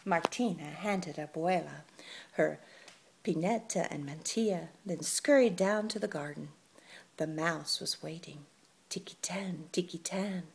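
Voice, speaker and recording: A woman reading a children's story aloud, expressive and playful. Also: low-pitched, a little slow, gravelly, slight background noise.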